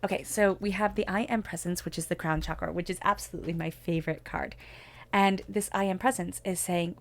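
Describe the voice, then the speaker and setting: Gravelly low-voiced woman reading tarot. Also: fairly even intonation, fairly quick. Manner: earnest, reflective spiritual guidance. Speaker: tarot reader.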